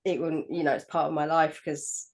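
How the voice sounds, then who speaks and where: A man's voice: a little high, little pitch movement, moderate pace, a little hiss or hum. A man from southern England co-hosting a podcast, chatting casually and joking at his own expense. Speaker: podcast co-host. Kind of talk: casual chat.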